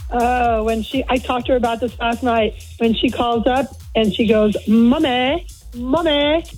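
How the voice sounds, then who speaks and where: Husky middle-aged woman caller. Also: a little high, flat delivery, normal speed, a little mellow, soft background music, low-quality recording. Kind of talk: phone-in chat.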